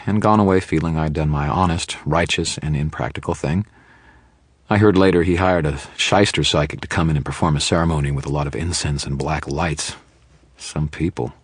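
A man reading a first-person audiobook narration in a wry, deadpan manner. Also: extremely low pitch, slightly rough, dry recording.

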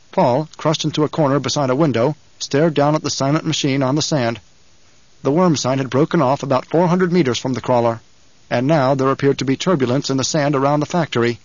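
A man reading a story aloud as audiobook narrator, with measured, even delivery. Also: mid-range voice, dry recording, lo-fi sound. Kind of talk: scripted narration.

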